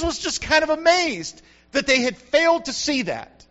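A man's voice: extremely high pitch, very animated, moderate pace, hardly any pauses, fairly bright tone, muffled recording. An older man from the United States, a grandfather and pastor, preaching a sermon with repetition and rising emphasis.

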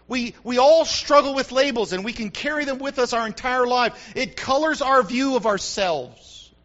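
A male pastor delivering an animated sermon, repeating phrases for emphasis and building up to shouts. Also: very high voice, normal speed, muffled recording.

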